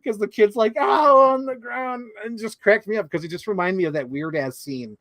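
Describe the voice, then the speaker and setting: A young man co-hosting a casual movie chat, rambling and swearing, quick to laugh. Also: high voice, no room sound. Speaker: podcast co-host.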